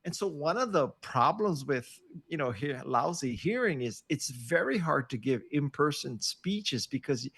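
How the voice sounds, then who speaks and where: A man over sixty, a podcast guest on a video call, chatting casually as an animated, joking storyteller. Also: on the high side, unhurried, slightly rough. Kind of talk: casual interview chat. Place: home office on a video call.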